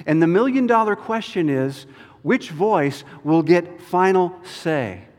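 Male preacher, fairly high voice, slow and emphatic, big echoing hall. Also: animated, darkish tone. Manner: emphatic, deliberate delivery. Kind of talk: sermon. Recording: long reverb of a large hall.

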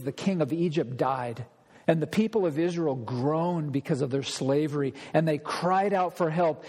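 A man's voice: a little high, a little mellow. A man preaching an expository sermon as pastor, speaking emphatically and acting out pleading prayers. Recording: long hall reverb.

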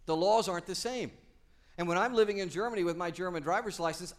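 A male pastor delivers a sermon, lively and conversational, and draws call-and-response from the congregation. His voice is fairly high for a man. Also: quick pace. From Texas.

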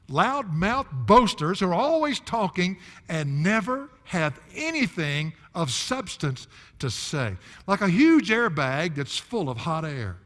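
An older man preaches in a folksy, emphatic way and breaks into chuckling asides. His voice sits a bit high for a man. It rings with a long echo in a large hall. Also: a bit bright. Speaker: pastor. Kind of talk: expository sermon.

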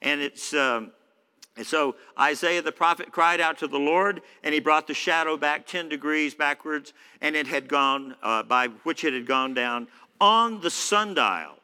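A man's voice: a little high, measured pace, sharp tone, smooth. A man preaching a sermon in a church, conversational, with many fillers. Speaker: pastor. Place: church hall. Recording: echoey church hall.

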